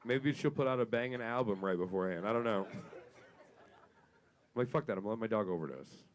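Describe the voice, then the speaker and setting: A man's voice: on the low side, expressive, fast talker, a faint crowd, a little hiss or hum. Profane stand-up comic man telling a story. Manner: profane, storytelling, rising to loud punchlines. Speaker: stand-up comedian. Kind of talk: stand-up comedy set. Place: comedy club stage with audience laughter.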